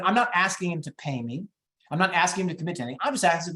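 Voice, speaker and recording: High-energy man coaching sales. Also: fairly bright tone, roomy sound. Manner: high-energy, quick, acts out phone calls. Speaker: real estate coach. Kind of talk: teaching sales scripts in a webinar.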